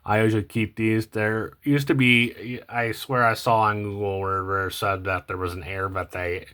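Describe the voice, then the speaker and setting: A young man talking casually about coins as he sorts them, rambling and hesitant with many ums and self-corrections, often trailing off quietly. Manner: low-key, trails off quietly at phrase ends. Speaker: coin collecting vlogger. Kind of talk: casual unscripted commentary while sorting coins.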